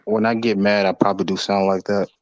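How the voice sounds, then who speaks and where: A man's voice: lowish voice, level tone, fast talker, no room sound. Laid-back man from North Carolina, dull audio. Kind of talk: casual live-stream chat.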